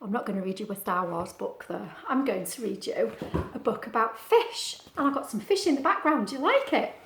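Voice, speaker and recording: A woman's voice: a little high, lively intonation, a little fast, gravelly, echoey room, slight background noise. A woman, a teacher, reading a picture book aloud at home for children, chatty and asking them questions. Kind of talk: storybook read-aloud.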